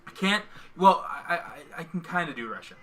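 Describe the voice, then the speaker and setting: A man's voice: fairly high pitch, very animated, normal speed, sharp tone, soft background music. A man co-hosting a casual livestream, rambling and joking as he trails off mid-thought, on one microphone shared between two hosts. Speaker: co-host of a livestream. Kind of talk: casual chat while painting miniatures.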